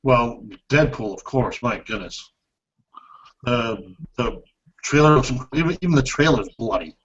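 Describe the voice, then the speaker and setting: A man's voice: medium pitch, expressive, unhurried, a bit bright, muffled recording. A man co-hosting a casual livestream chat, laid-back and blunt, chuckling often. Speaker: co-host.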